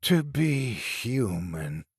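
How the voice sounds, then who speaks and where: A man voicing a taunting inhuman creature in a horror story, speaking in slow, broken, rasping phrases with a hiss and wheeze. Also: mid-range voice, sing-song, no room sound, studio quality, exaggerated voice. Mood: menacing.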